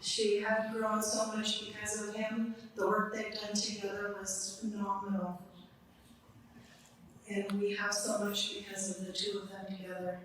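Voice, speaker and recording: Language teacher, woman, relaxed and laughing, distant mic in a reverberant hall. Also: medium pitch, unhurried, a little hiss or hum. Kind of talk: live talk answering audience questions. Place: large hall. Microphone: distant room mic. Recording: echoey hall from far off.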